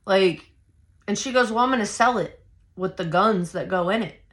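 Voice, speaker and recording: A woman vlogger casually telling a family story to her viewers, blunt and profane, with a loud, heated edge as she gets worked up. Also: mid-range voice, moderate pace, long pauses. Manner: addresses viewers directly, filler-heavy run-on storytelling.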